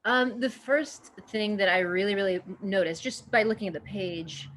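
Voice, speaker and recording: An actress answering interview questions in a casual, chatty way, with frequent fillers and restarts. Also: female voice, medium pitch, normal speed, a bit bright. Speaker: actor, podcast guest.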